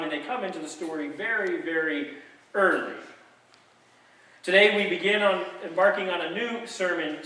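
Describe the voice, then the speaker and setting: Bright high-voiced male pastor in echoey church. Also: slight background noise. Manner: conversational preaching with wry jokes. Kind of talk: sermon. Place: church sanctuary. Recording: echoey sanctuary, mic at a distance.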